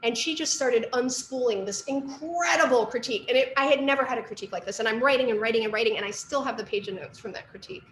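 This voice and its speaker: A woman's voice: a little high, fast, hardly any pauses, fairly bright tone, roomy sound, slight background noise. A middle-aged woman, an artist and art teacher, giving a casual lecture with lots of asides and fillers. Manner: chatty storytelling with fillers and asides.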